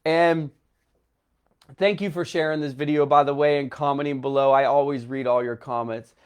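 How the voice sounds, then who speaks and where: A man's voice: on the high side, fairly even intonation, normal speed, clear, resonant tone. Emotional young man rambling through a story. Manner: rambling, filler-heavy, emotional retelling. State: tearful, runny nose. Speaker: travel vlogger. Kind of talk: personal storytelling to camera.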